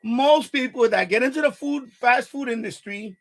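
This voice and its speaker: A breathless man with a New York accent hosts a casual live stream. He rambles into a rant, stumbling over repeated words. His voice sits fairly high for a man. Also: normal speed, vocal fry, a bit bright, low-quality recording.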